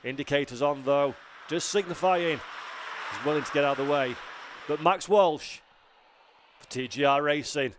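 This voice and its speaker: A man giving live motor racing commentary from a commentary box at the circuit, building excitement toward the finish. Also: on the high side, a little slow, pauses often, background noise. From Britain. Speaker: race commentator.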